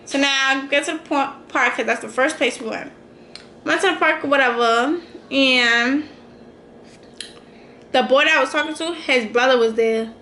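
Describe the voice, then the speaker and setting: Young woman vlogger, high bright voice, animated storyteller, roomy echo with faint hum. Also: moderate pace. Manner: animated, slangy retelling with acted quotes. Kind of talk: storytime vlog.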